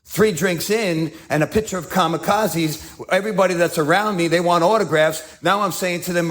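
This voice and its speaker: A man's voice: high voice, normal speed, few pauses, a bit bright. A man with a New York accent telling his story as a speaker at a recovery meeting, acting out scenes with self-mocking humor.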